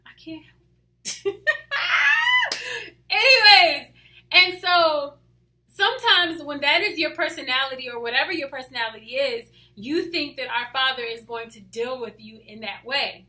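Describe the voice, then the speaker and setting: A woman talking casually about her faith, hyper and animated, often dropping to soft asides. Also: sits high, moderate pace. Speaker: faith vlogger. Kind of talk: casual devotional talk to camera.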